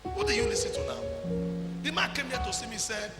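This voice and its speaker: A man with a Nigerian accent preaching a sermon as pastor, calling people forward and shouting at the peaks. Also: very high-pitched, lively intonation, a little fast, reverberant, long reverb tail, loud music behind the voice.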